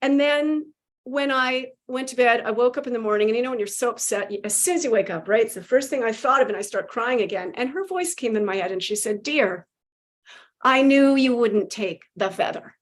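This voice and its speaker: A woman guest telling a spiritual story with animated emotion, acting out quotes and laughing. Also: fairly high pitch, fast.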